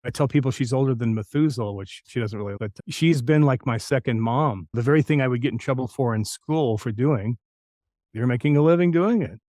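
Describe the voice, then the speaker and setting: A middle-aged man from New Mexico, a voice actor telling lively anecdotes in an interview. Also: medium pitch, brisk, hardly any pauses, no room sound, clean studio sound. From New Mexico, USA. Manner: lively anecdotal, acts out quoted lines. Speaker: voice actor guest. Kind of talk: interview storytelling.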